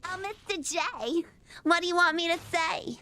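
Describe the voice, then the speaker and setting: A woman's voice: very high-pitched, moderate pace, sharp tone, a little hiss or hum, pitched above the performer's own voice, full character voice. A woman doing a coy flapper-style Harley Quinn. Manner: breathy, coy flapper drawl. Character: giddy young woman villain sidekick, flapper-like.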